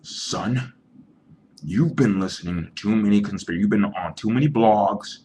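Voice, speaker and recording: A condescending man lecturing someone younger, dismissive and sure of himself, as a man puts him on during a webcam rant. His voice stays fairly low and measured while he talks down to his listener. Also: mellow, a little hiss or hum, lightly acted. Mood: patronizing.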